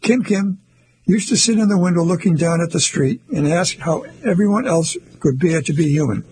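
A husky-voiced man reading the part of a grumpy young man who talks curtly and mutters like an annoyed dad. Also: fairly high pitch, normal speed, a little mellow, slight background noise, lightly acted. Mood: wry. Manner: curt, muttering.

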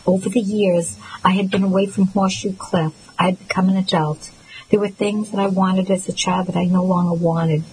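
A woman narrating a novel in the first person, with a soft, measured, emotional reading. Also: mid-range voice, a little hiss or hum, low-quality recording. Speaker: audiobook narrator.

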